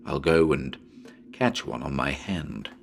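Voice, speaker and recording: A man with a slow, creaky bass voice performs a haunted house horror story dramatically, with faint music behind him. He talks chattily to his listeners, breaking into sudden shouted calls.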